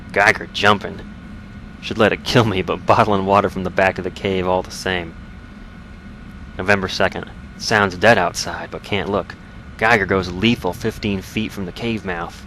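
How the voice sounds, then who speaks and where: A man's voice: low voice, sharp tone, slight background noise, poor audio. A man voicing a grieving, hardened lone survivalist who speaks in clipped fragments with a slight Southern drawl.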